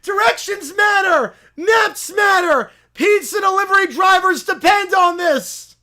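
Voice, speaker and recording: A man's voice: extremely high pitch, measured pace, bright, forceful tone, shouting, pitched above the performer's own voice, heavily acted. A man voicing a self-righteous male preacher of a silly pizza religion who shrieks and rants in constant indignation. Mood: ranting outrage.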